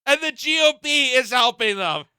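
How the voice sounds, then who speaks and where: Bright, lively young-sounding man ranting. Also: extremely high pitch, normal speed, clear, resonant tone, no room sound. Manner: mocking, incredulous, laughs often. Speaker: political commentary host. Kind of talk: ranting reaction commentary.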